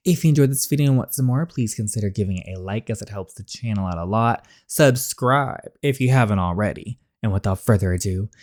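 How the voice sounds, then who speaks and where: A man hosting a gaming channel, playing and reacting to a story game with animated, sarcastic commentary. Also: lowish voice.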